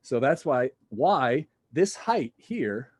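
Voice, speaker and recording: A man's voice: mid-range voice, very animated, slow, breathy edge. A man lecturing a physics class, casual and jokey, thinking aloud as he works through problems with students. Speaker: physics instructor.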